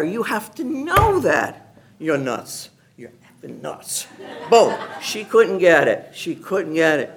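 A woman giving a personal testimony to her church gathering, telling her story in an animated, enthusiastic way. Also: lowish voice. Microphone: handheld mic at a gathering.

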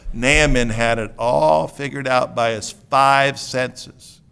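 A man preaching a sermon in an animated, conversational way, joking with the congregation and swinging between hushed asides and loud outbursts. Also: mid-range voice, slow, creaky, clean tone.

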